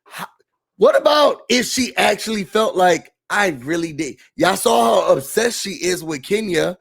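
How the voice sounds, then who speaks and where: A man hosting a casual reality TV recap, talking in an animated, dramatic way with slangy asides. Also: high-pitched, normal speed, vocal fry, husky.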